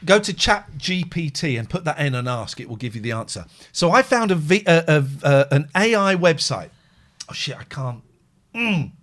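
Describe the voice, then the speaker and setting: Slightly high-voiced and speaking at a moderate pace, this man hosts a phone-in show with casual, rambling chat. He's excitable, lurching from loud outbursts into quiet musing.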